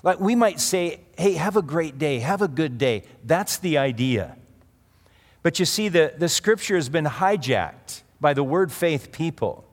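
A man's voice: fairly high pitch, lively intonation, unhurried. A middle-aged male pastor giving a sermon in a conversational way, with asides and restarts as he tells a story. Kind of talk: sermon with personal anecdote. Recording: long reverb of a large hall.

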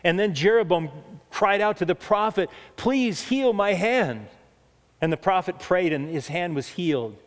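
Male preacher, earnest sermon, slightly high voice, long hall reverb. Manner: earnest, emphatic, slows down for key points.

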